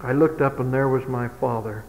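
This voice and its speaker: A man's voice: medium pitch, steady tone, moderate pace, gravelly, darkish tone, a little hiss or hum. A man giving a speech to youth, telling humorous stories in a folksy way. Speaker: speaker. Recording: dull old hall recording with long reverb.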